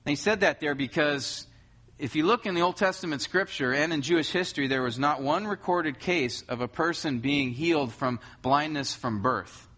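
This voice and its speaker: A man's voice: on the high side, moderate pace, fairly bright tone. A man preaching a conversational sermon to a congregation, often asking rhetorical questions. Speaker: pastor.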